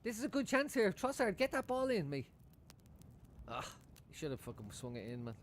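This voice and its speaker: A man's voice: high voice, big pitch swings, brisk, slight background noise. A man chatting casually at home while he watches a football match live for his stream, swearing freely and laughing often. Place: room at home.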